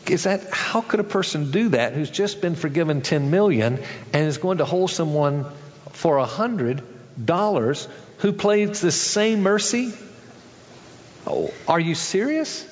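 A man's voice: expressive, measured pace, long reverb tail, dull audio. A male pastor preaching a sermon, acting out the people in a parable with changes of voice. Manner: acts out characters in a story, shifting pitch for each.

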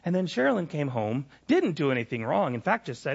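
A man's voice: a little high, sing-song, fairly quick, vocal fry, breathy edge, muffled recording. A middle-aged man preaching a sermon, telling personal stories candidly with frequent restarts and repeated phrases. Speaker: pastor.

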